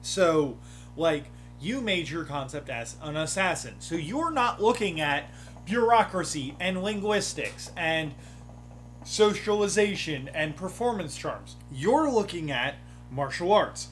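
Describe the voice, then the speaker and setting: A man's voice: on the high side, unhurried, a little hiss or hum. A man running a tabletop game, talking casually and acting out lines from the table, with frequent swearing. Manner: animated, acts out table dialogue, swears. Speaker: game master. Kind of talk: casual chat.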